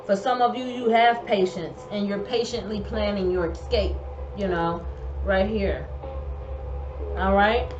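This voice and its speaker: A woman's voice: medium pitch, steady tone, a little slow, highs cut off. A woman giving an online tarot reading in an emphatic, colloquial way, repeating her advice. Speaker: tarot reader. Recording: echoey room, music behind.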